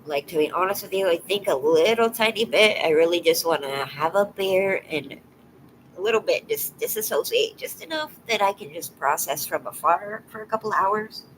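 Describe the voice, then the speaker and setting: This lowish-voiced woman is live streaming, talking casually with viewers while teary and emotional. She speaks haltingly and softly, frequently trailing off to a whisper, over a rough recording with a slight hiss or hum.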